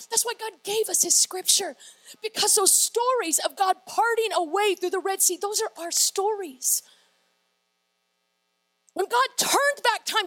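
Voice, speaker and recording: Woman preacher, very high voice, bright tone, lively sermon, bursts of shouting. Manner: lively, playful, shouts during praise passages.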